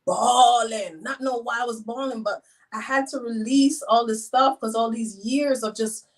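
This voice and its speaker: A woman tells personal stories in a lively, emotional way, her voice riding a little high. She sounds a bit away from the microphone. Her delivery is casual and heartfelt, swinging wide as she goes. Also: normal speed. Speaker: guest. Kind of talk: casual storytelling. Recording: voice a bit far from the mic.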